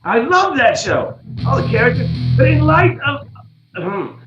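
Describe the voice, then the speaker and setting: A man hosting a comedic news segment, setting up punchlines dryly and deliberately. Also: extremely high pitch, big pitch swings, music in the background. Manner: dry, deliberate punchline delivery. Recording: roomy, dull recording.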